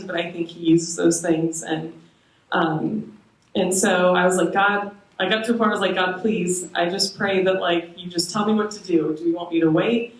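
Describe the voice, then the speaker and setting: A young woman sharing a personal faith testimony with a small moms' group, hesitant, with frequent ums and soft laughs. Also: fairly low pitch. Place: church meeting room. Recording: echoey room, voice from far off.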